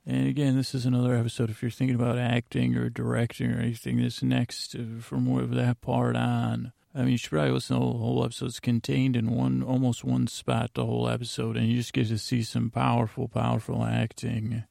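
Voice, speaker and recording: A man's voice: medium pitch, completely flat delivery, fairly quick, creaky, few pauses, dark tone, dry recording, studio quality. A man hosting a sleep podcast, recapping a story in a rambling, meandering, drowsy way. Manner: droning, meandering, drowsy delivery. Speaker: podcast host.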